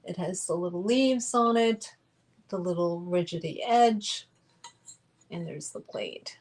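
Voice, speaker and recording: A woman's voice: on the low side, lively intonation, slow, low-quality recording. A woman hosting a live online sale, chatting as she describes items for auction.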